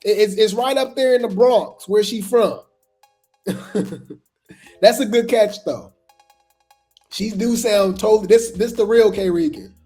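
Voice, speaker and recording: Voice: mid-range voice, measured pace, long pauses, mellow, soft background music. A host giving casual gossip commentary, chatty and trailing off with repeated asides.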